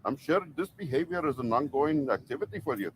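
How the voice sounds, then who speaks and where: A man's voice: medium pitch, expressive, fast talker, a loud crowd, lightly acted. A man putting on a fake Indian-style accent, playing a confrontational self-styled rights auditor who lectures and keeps repeating "my friend". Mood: scolding. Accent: put-on fake Indian-style accent. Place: outdoors by a church.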